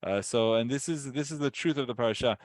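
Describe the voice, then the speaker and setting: A man's voice: mid-range voice, fast, no room sound. A man giving a casual weekly Torah lesson, telling the story with animation and acting out voices. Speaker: Torah teacher.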